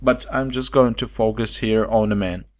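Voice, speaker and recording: A man teaching a recorded online lesson, talking in a halting way with many fillers and repeating words slowly for learners. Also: on the low side. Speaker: language teacher.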